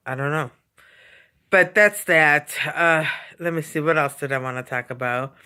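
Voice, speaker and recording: A vlogger speaks at a moderate pace in a medium-pitched voice that is sharp in tone yet smooth, chatting casually from a home basement. Rambling and repetitive, the chat is full of fillers, and the speaker yawns often.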